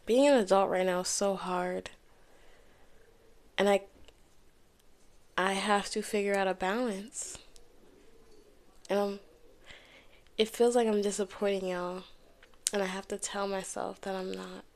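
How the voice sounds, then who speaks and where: Young woman, solo podcast host, candid and casual, swears freely, headphones and mic, mid-pitched voice. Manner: candid, swears freely, says y'all a lot. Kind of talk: casual solo talk to camera. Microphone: headphones and microphone.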